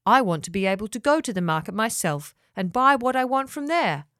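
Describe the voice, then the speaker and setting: Kobieta grająca zirytowanego młodego mężczyznę. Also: female voice, on the high side, lively intonation, a little fast, a bit bright, no room sound, clean studio sound. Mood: annoyed. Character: cross young man, blunt and annoyed.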